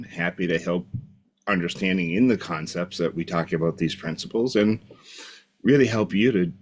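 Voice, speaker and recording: A man giving a reflective, unscripted motivational talk as a coach, repeating his key phrases. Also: deep voice. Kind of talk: motivational video monologue.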